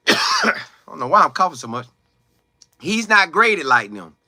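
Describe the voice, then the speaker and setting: Lively high-voiced man ranting. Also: a little slow, dry recording. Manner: animated, emphatic, slangy storytelling. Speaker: sports commentator. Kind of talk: casual commentary vlog.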